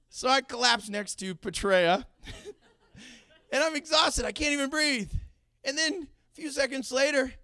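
A middle-aged man preaching a sermon, telling a personal story in an animated way with laughing asides. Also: sits high, clean tone, no room sound. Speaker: pastor.

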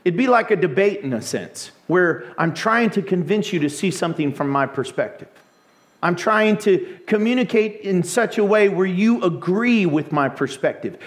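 Animated high-voiced male preacher. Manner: animated storytelling, laughs often. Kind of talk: sermon.

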